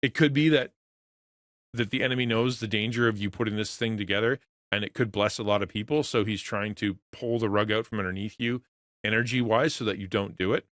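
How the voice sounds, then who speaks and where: A middle-aged man speaks earnestly to his livestream chat in a low voice. He rambles, stops and starts, and repeats words as he thinks aloud. The sound is close and dry, with no room echo. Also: steady tone, a little fast, fairly bright tone. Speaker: streamer and pastor to creators. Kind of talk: casual livestream talk with chat.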